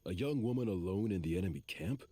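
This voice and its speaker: An actor playing a scheming male enemy commander in a game, speaking in a hushed, breathy, mocking drawl. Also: low-pitched, lively intonation, quick pace, no echo. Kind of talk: game voice acting.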